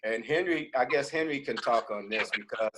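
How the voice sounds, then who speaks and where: A man, a singer in a vocal group, telling a lively story on a video call. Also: mid-range voice, normal speed, background noise. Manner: animated, laughing storyteller.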